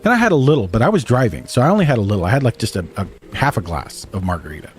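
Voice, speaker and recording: A man's voice: medium pitch, very animated, very fast, breathy edge. A man streaming a game, telling a rambling story in a casual, profane way. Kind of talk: casual storytelling while gaming.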